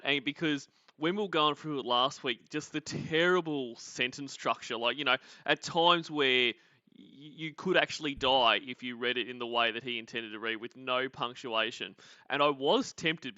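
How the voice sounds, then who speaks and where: A man's voice: medium pitch, moderate pace, sharp tone, no echo, muffled recording. An Australian man hosting a casual livestream, rambling, laughing often and greeting viewers. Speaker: podcast host.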